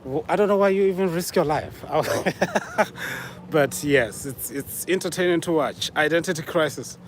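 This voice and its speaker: A man's voice: a little high, unhurried, slight background noise. A man with a Southern African accent, playfully teasing viewers as he answers their guesses in a casual live stream. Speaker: livestream host reading chat.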